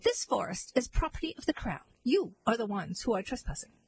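A woman's voice: big pitch swings, brisk, a little hiss or hum, rough recording. A woman voicing a vain, self-pitying queen in a storybook reading, in a whiny, strained voice. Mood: indignant. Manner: whiny, sobbing, high and strained. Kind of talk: storybook character voice.

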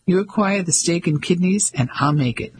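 A man's voice: high voice, slight background noise, close to an everyday voice, rough recording. A man doing a spirited middle-aged woman. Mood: cheerful. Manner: cheerful, brisk. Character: lively middle-aged Englishwoman, warm and spirited.

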